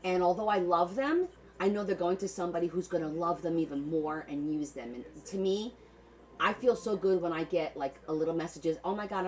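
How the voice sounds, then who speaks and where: This livestream seller of handmade journals has a voice on the low side with a slightly mellow quality, captured on poor audio. She keeps the auction chat casual, addressing viewers fondly by name to thank them and repeating words often.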